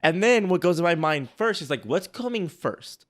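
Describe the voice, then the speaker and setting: A man's voice: on the high side, very animated, normal speed, a bit bright. Rambling, self-correcting male co-host. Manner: rambling, restarts sentences often, laughs easily. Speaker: co-host reviewing sales outreach. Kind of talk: casual chat.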